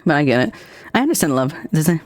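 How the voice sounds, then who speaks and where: Streamer host, mid-pitched, swearing casually and asking curious questions, dry close sound. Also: big pitch swings, quick pace, dry recording. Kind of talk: casual chat.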